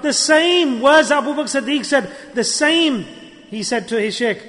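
A man giving an animated storytelling sermon at a gathering, acting out dialogue and using Arabic religious terms. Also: very high voice, a little slow. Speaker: preacher. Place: gathering hall. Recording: long hall reverb.

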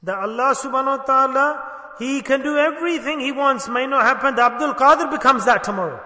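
Male preacher, high bright voice, storytelling sermon that swells to emphatic cries, long hall reverb. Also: quick pace. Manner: storytelling, rising to emphatic exclamations. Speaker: Islamic preacher.

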